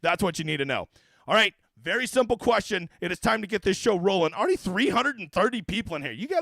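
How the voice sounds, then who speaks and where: A man's voice: sits high, vocal fry, a bit bright, no echo. A man hosting a fantasy golf livestream in a casual, profane, ranting way, with brash jokes aimed at his viewers. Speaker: daily fantasy golf streamer.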